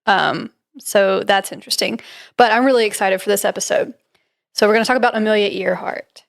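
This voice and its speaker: A woman co-hosts a podcast at a medium pitch. She tells a story in a casual, giggly way, with plenty of "like" and "um" filling her sentences. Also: brisk, creaky. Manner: chatty and giggly, with frequent "like" and "um". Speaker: podcast co-host.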